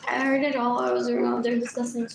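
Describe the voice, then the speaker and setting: A woman's voice: on the high side, level tone, fast, gravelly, roomy sound, heavy background noise. A woman livestreaming a rambling, repetitive monologue, muttering and switching between languages.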